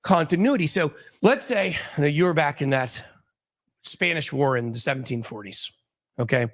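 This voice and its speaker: A man's voice: fairly high pitch, normal speed. A man hosts a casual talk. He wanders through his points, stopping, restarting and filling gaps with "you know" and "uh". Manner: rambling, many restarts and fillers. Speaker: host.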